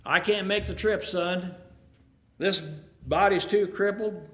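A man voicing a gentle elderly male shepherd with a crippled leg, speaking low and soft in a storybook telling. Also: fairly even intonation, slow pace. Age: older. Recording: echoey room.

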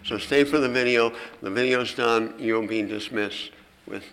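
A man's voice: mid-range voice, a bit bright, low-quality recording. A man, the pastor, hurriedly making announcements to a congregation. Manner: hurried, halting. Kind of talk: church announcements.

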